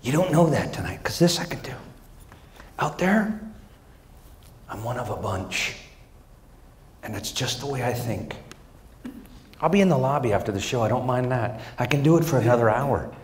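A middle-aged man performing a stand-up comedy set on a large theater stage, telling stories with lively energy and acting out his family's voices. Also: mid-range voice, moderate pace, pauses often, slight background noise. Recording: echoey live theater with audience.

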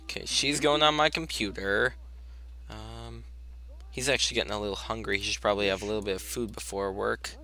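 A young man with a bright, forceful voice talks his way through a life-sim game, telling his characters what to do next. His commentary is loose and chatty, and he breaks now and then into exasperated outbursts. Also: on the low side, fairly even intonation, brisk. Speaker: gameplay commentator. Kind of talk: casual let's-play commentary.

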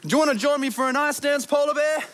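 A woman presenting a children's TV show speaks in a high voice at a quick pace, with music in the background. She explores playfully, giggling and singing as she talks to viewers.

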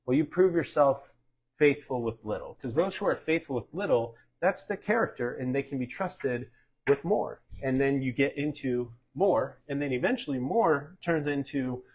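A middle-aged American man preaches in a relaxed, folksy way, leaning on sports comparisons. His voice is husky and sits mid-range for a man. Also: medium pitch, moderate pace. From United States. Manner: folksy, uses sports analogies, asks "Amen?". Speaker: pastor. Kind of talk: conversational sermon teaching.

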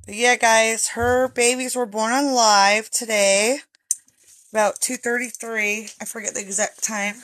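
A chinchilla breeder livestreams from her home with stairs, holding her phone and chatting casually straight to viewers. Her voice is a little high and a bit bright, with a steady tone and an unhurried pace.

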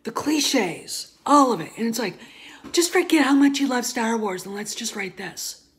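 A woman vlogger ranting in casual, profane commentary, dropping to murmurs and then flaring up loud. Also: fairly high pitch, animated, normal speed.

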